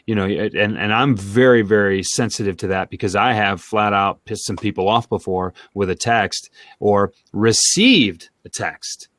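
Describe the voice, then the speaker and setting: A man co-hosting a sales talk show, chatting casually in an animated way and thinking out loud. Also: lowish voice, no room sound, studio quality. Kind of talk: casual conversational chat.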